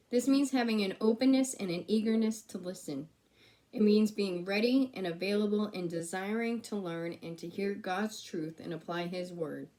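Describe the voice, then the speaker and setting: A woman's voice: mid-range voice, darkish tone. A woman pastor giving a conversational sermon, repeating key phrases for emphasis and asking the congregation questions.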